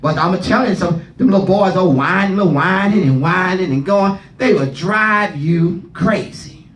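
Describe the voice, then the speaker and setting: A man's voice: high-pitched, normal speed, fairly bright tone, reverberant. A man preaching at a Bible study, leading readers and firing questions at the room. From not from Philadelphia. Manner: fervent, asks the room questions, repeats words.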